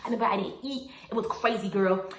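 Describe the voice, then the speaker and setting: A young woman in her twenties casually telling a personal story to camera, animated and laughing often as she acts out what people said. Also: medium pitch, fast talker. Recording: echoey room with faint noise.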